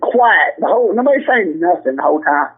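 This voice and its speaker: A man with a Southern US accent, telling a long rambling story as a podcast guest, full of restarts and animated quoting. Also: high-pitched, a little fast, slightly rough. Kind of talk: casual storytelling. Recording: tinny phone line.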